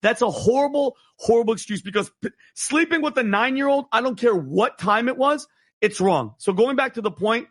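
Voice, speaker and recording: A man speaking as a guest on a talk show, arguing in a fast, heated and emphatic way, with many restarts. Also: very high voice, lively intonation, fairly bright tone.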